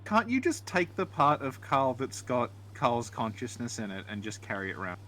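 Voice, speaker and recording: A man's voice: medium pitch, big pitch swings, normal speed, fairly bright tone, a little hiss or hum. A man joking and teasing casually while watching a friend play a game. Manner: teasing, jokey banter. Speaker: co-host. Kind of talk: casual let's-play chat.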